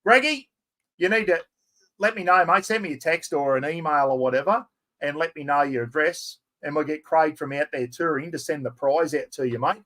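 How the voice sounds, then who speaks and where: Aussie bloke in his 50s running a live giveaway, chatty, high voice, gets loud and excited. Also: moderate pace. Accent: Australian. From Australia. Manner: excitable, chatty, self-mocking. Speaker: live stream host. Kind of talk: casual live stream giveaway chat.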